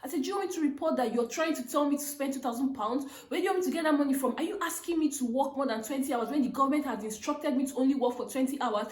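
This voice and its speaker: A woman's voice: sits high, very fast, hardly any pauses, echoey room. A young woman from Africa vlogging a storytime, retelling an argument with rising, emphatic outbursts. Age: young adult. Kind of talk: animated storytime. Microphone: phone.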